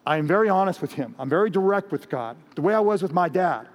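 A man with a Mexican American accent preaches in an earnest, direct way, circling back on his own phrases. His voice sits a little high. The long reverb of a hall trails after his words. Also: animated, quick pace, few pauses. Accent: Mexican American English. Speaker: pastor. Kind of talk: sermon.

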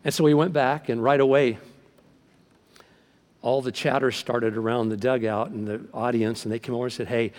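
A man's voice: mid-range voice, moderate pace. Middle-aged male pastor preaching in a reverberant hall. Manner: animated storytelling, acting out quoted voices. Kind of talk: sermon. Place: large church hall. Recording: long reverb from a large hall.

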